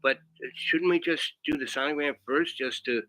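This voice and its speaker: A bored young woman technician whines in a lifted, offhand voice, as a man imitates her. The tone is bright. It is recorded dry and up close. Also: fairly high pitch, moderate pace, dry recording, pitched above the performer's own voice, low-quality recording. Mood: whiny.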